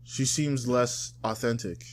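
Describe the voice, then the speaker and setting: A man's voice: mid-range voice, takes it slowly. Swearing man on a casual podcast. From South Florida. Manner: loose, swearing, mimics people with voice changes. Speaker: podcast co-host.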